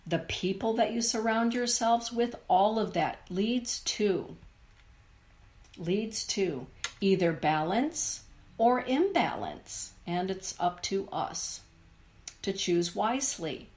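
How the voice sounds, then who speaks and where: A middle-aged woman giving a live oracle card reading to viewers, speaking in a soothing, unhurried way. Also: medium pitch, darkish tone. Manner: slow, soothing, unhurried delivery. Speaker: spiritual card reader.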